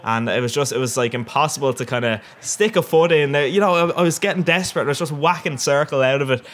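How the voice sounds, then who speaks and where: Commentating on his own football video game matches, a young Irish-accented gamer rambles cheekily in a casual way, breaking into bursts of excitement. His voice is fairly high and his pace quick.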